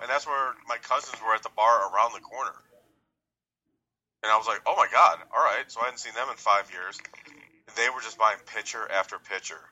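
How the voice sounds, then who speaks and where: A man, co-hosting a podcast and telling a story in an excited way. He acts out what people said and laughs often. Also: lowish voice, lo-fi sound. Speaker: podcast co-host. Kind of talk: casual chat.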